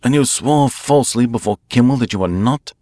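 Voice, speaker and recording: A man reading a classic mystery aloud, voicing a grave male detective who explains his case and cross-examines forcefully. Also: medium pitch, fairly quick, no room sound, clean studio sound, pitched above the performer's own voice, close to an everyday voice. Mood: interrogating. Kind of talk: audiobook character voice.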